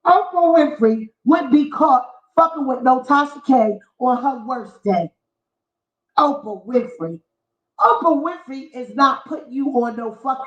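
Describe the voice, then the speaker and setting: A woman's voice: high voice, lively intonation, measured pace. A woman vlogger delivering a heated, mocking, profanity-filled commentary rant. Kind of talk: ranting commentary vlog. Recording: echoey, dull lo-fi room sound.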